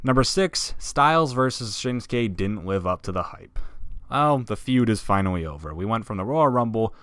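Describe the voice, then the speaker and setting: A man hosting a wrestling countdown video, narrating from a script with sarcasm and swearing and sudden loud emphasis. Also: lowish voice, expressive, moderate pace, a little hiss or hum. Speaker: wrestling list video host.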